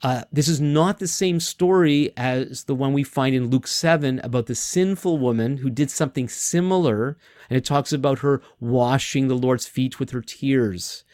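A man preaching in a relaxed, conversational way, pausing often to think and restarting his sentences. His voice sits at an ordinary middle pitch. It is recorded close and dry, with no room sound around it. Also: no echo. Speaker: pastor. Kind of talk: sermon.

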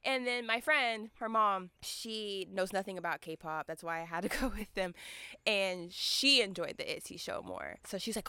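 A woman's voice: mid-range voice, normal speed, bright, forceful tone, clear, resonant tone, dry recording. A young woman co-hosting a podcast, telling stories in casual chat and playfully putting on quoted voices. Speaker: podcast co-host.

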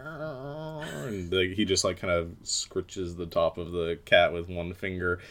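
Low-voiced, unhurried man narrating a game. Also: a bit bright. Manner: halting, laughs often. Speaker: game master.

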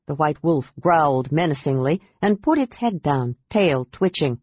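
A reader narrating a fantasy novel in a steady, even storytelling voice. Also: medium pitch, a little slow, breathy edge, dry recording. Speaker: audiobook narrator. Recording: dull, dry audiobook sound.

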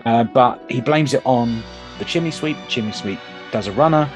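A man hosting a podcast, chatting casually and retelling childhood cartoons with animated enthusiasm. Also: mid-range voice, normal speed, faint music behind. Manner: animated retelling of old cartoons, often laughing. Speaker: podcast host.

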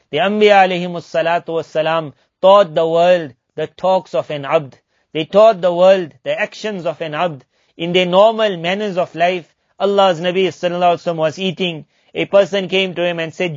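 A man giving a religious lesson, chanting verses rapidly and then explaining them slowly. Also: high voice, steady tone, dry recording. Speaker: Islamic teacher. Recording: dull lo-fi recording, dry.

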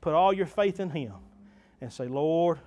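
Preacher guy, pretty high voice, earnest, gets fired up, repeats himself. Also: measured pace, darkish tone. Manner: earnest, building to fervent emphasis; repeats himself and stammers on restarts. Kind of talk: sermon.

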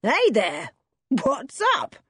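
A woman voicing a relaxed young man who speaks in a slow drawl. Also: low voice, breathy edge, no echo, clean studio sound, voice pushed down, heavily acted. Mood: cool.

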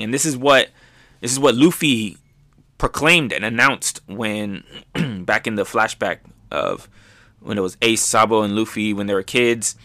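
A man's voice: fairly low pitch, dry recording, studio quality. A man hosting a manga review show, recapping chapters in casual commentary and acting out the characters as he goes. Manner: excitedly retells scenes, often acting out characters.

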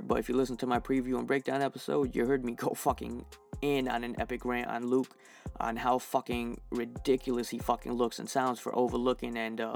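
A man's voice: medium pitch, creaky. A man hosting a solo podcast, reviewing fights in a heated, profane rant full of fillers while getting over an infection. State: recovering from infection, dehydrated.

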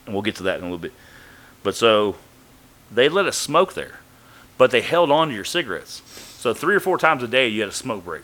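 A man's voice: medium pitch, brisk, pauses often. A man telling a story casually on a podcast, swearing freely and acting out other people's lines. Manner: profane, animated, acts out quoted voices.

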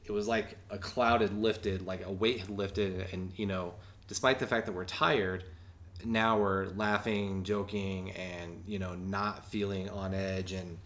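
Really deep-voiced guy, trips over his words, thinking back on a scary night drive. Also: steady tone, a bit bright. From Wyoming mountains. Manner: halting, repeats words, reflective. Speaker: paranormal investigator recounting a story. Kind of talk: casual storytelling.

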